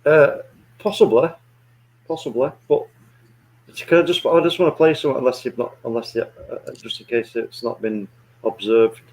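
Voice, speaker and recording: Brief: football fan, loud teasing banter, swears a lot, laughs often. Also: male voice, medium pitch, steady tone, normal speed, poor audio. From England. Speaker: co-host of a football watch-along. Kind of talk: casual chat.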